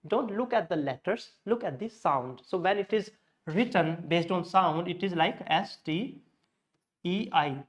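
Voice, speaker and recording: A man's voice: high voice, animated, a little slow. A man teaching a pronunciation class, explaining step by step, dropping in Hindi glosses and correcting himself as he goes. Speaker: English teacher. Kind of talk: classroom lesson.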